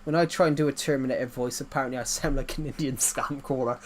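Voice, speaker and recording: A man's voice: medium pitch, steady tone, quick pace. A man chatting casually while streaming a game, telling rambling anecdotes and laughing at his own jokes.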